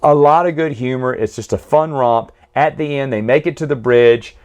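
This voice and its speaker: A man's voice: medium pitch, normal speed, a little mellow. A man casually reviewing comics and stories in a chatty, opinionated way, often correcting himself mid-sentence.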